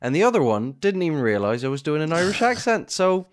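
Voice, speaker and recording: A man chatting casually on a podcast in an excitable way, often stumbling and restarting. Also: a little high, fast talker. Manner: animated, excitable, stammering. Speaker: podcast co-host. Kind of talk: casual group chat.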